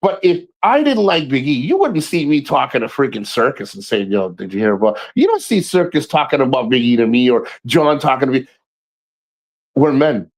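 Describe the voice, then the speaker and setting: A man hosting a casual livestream, talking to viewers by name and ranting in a profane, animated way with frequent laughs. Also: mid-range voice, moderate pace. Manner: laughs often and repeats himself. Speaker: livestream host.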